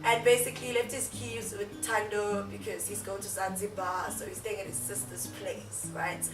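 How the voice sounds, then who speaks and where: A woman's voice: mid-range voice, level tone, normal speed, distant mic. A young South African woman with a South African accent, telling a story in casual chat, full of fillers and laughs. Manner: chatty, frequent fillers and laughs. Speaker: YouTuber. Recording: echoey room, off-mic, faint music.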